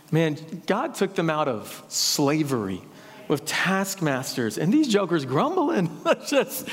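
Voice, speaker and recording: High-voiced lively pastor in a reverberant hall. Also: male voice. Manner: lively preaching, quick asides and jokes. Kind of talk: sermon.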